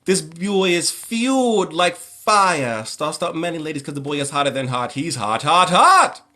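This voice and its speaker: A shrieking, flamboyant male radio showman, blasting hype in a high, piercing register. His pitch leaps and swoops wildly from word to word. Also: animated, bright, forceful tone. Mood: hyped. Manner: shrill, squealing, rapid-fire hype.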